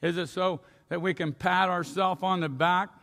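A man's voice: high-pitched, fairly even intonation, moderate pace, creaky, a bit bright, big-room sound. A man preaching a sermon in a folksy storytelling way, asking his congregation questions, in a church sanctuary. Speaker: pastor.

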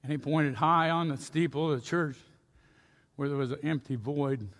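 A man's voice: a little high, moderate pace, fairly bright tone, in a large hall. A man preaching a sermon in a folksy storytelling way, asking his congregation questions, in a church sanctuary. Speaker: pastor.

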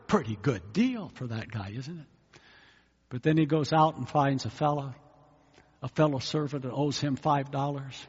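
A man's voice: mid-range voice, animated, moderate pace, husky. A pastor giving a sermon in a conversational way, asking his listeners rhetorical questions. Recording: echoey hall, dull lo-fi sound.

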